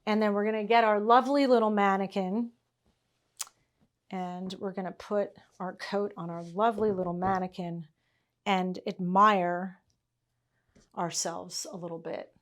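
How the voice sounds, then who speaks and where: A middle-aged woman talks her students through a tailoring lesson in her workshop at an unhurried pace. She speaks casually and chattily, laughing often and checking in with "okay?" and "all right?" as she goes. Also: medium pitch, steady tone. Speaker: tailoring instructor. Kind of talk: casual teaching chat with anecdotes.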